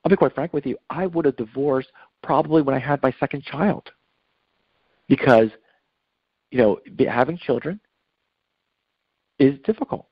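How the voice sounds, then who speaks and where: A man's voice: medium pitch, moderate pace, long pauses, breathy edge, no room sound, muffled recording. A middle-aged man giving earnest, preachy advice on marriage as a guest on a Catholic radio talk show, repeating himself with fillers.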